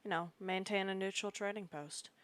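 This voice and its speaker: A woman's voice: medium pitch, steady tone, normal speed, fairly bright tone, no room sound. A woman speaking in character in a group roleplay, cynical and dry.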